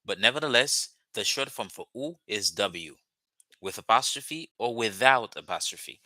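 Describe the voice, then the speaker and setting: Man teaching in bright voice. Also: mid-range voice, lively intonation, no room sound. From Haiti. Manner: explains slowly with frequent "okay?" checks and restarts. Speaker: language teacher. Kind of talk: casual language lesson.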